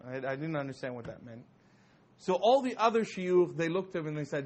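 Male storyteller, slightly high voice, animated and laughing, casual talk. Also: brisk. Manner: animated, laughing often, heavy use of "you know". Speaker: storyteller speaking to an audience.

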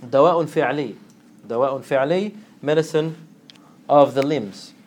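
A man giving an informal religious talk, telling a story with lively acted-out dialogue and frequent laughter. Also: fairly high pitch, a little slow, slight background noise. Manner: animated storytelling, acts out dialogue, laughs often. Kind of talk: informal religious lesson with anecdote.

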